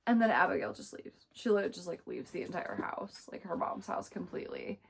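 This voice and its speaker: A woman's voice: lowish voice, brisk, gravelly, husky. A woman reviewing a book in a casual vlog, exasperated and emphatic, ranting and swearing freely. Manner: expressive, emphatic.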